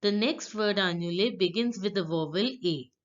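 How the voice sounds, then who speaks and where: A woman teaching pronunciation, slowly and patiently repeating words for beginners. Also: mid-range voice, highs cut off. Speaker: French teacher. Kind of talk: slow explanatory lesson.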